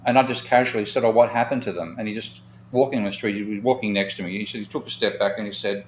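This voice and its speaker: A man's voice: on the low side, racing, roomy sound, a little hiss or hum. A man, an economist hosting a live discussion, telling long anecdotes in a frank, rambling way and swearing at times. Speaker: economist and show host.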